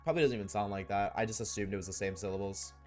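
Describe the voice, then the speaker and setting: A man's voice: on the low side, very fast, faint music behind. A man streaming live, chatting casually and joking with his viewers, often laughing.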